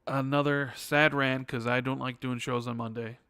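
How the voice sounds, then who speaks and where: Male podcast host, sarcastic and chatty, gravelly edge, dry close sound. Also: mid-range voice, little pitch movement, moderate pace, sharp tone, no room sound. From United States. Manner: joking, sarcastic, with frequent restarts. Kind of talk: casual chat.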